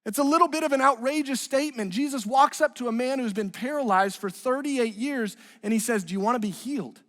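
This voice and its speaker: High-voiced man preaching in a reverberant hall. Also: fairly quick, a bit bright. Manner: earnest, rising intensity when retelling scripture. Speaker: student ministry pastor. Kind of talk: sermon. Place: church auditorium.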